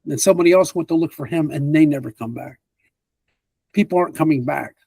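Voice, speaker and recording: Man playing a cautious kindly priest npc, a bit husky, halting speech, dry close sound. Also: on the high side, dark tone, no room sound. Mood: warning. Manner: hesitant, halting with fillers. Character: weary male priest healer, kindly and cautious.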